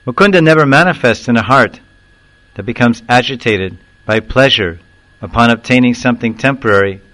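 A man giving a devotional discourse, explaining verses and telling a story in an animated way, now and then acting out the people in it. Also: fairly low pitch, rough recording. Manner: animated storyteller who acts out quoted voices and chuckles; recites Sanskrit verse slowly, then explains it. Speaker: spiritual teacher.

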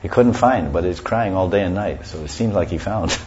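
A man's voice: low voice, a little fast, noisy background. A man giving a scripture class, explaining verses and sometimes chanting them. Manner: explanatory, often chants verses and laughs softly. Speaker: religious teacher. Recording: dull lo-fi recording.

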